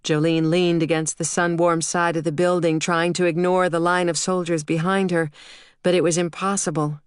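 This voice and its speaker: A woman narrating an audiobook in a steady, measured reading. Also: fairly low pitch, smooth, no room sound, studio quality. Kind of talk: scripted narration.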